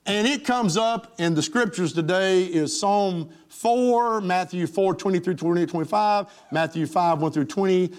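A middle-aged man preaching a sermon, fervent, rising to loud highs and falling to soft lows. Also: measured pace, hardly any pauses. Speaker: pastor.

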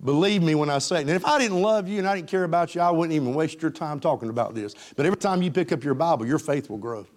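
A middle-aged man preaching a sermon, fervent, rising to loud highs and falling to soft lows. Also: animated, quick pace, few pauses. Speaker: pastor.

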